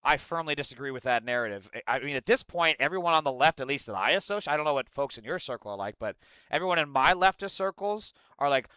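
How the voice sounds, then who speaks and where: A man's voice: mid-range voice, animated, quick pace, pushed and bright, smooth, no echo. A man streaming live, reacting to a clip and reading chat aloud, blunt and often profane. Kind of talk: casual live-stream commentary.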